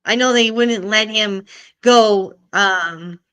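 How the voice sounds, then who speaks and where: Middle-aged woman hosting a live stream, chatty with viewers; bright, crisp voice. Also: mid-range voice, takes it slowly. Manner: chatty, greets and answers viewers' comments. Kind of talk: casual live stream chat.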